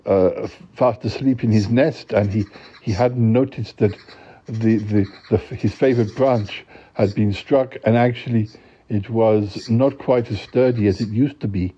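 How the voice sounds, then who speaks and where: A man hosting a podcast who tells a comic bedtime story in a deadpan, rambling way, full of halting restarts. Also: mid-range voice, slightly rough. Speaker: podcast host. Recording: dull lo-fi recording.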